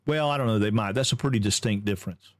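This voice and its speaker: A man from Georgia with a Southern American accent, hosting a live game stream in casual, upbeat chat and greeting viewers excitedly. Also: lowish voice, quick pace, no room sound, clean studio sound. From Georgia, USA.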